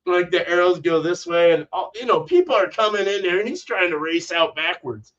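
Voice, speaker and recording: A man's voice: sits high, brisk, a bit bright. A man hosting a homebrewing livestream, chatting casually in a rambling, profane way. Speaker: homebrewing channel host. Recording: distant, dull lo-fi mic.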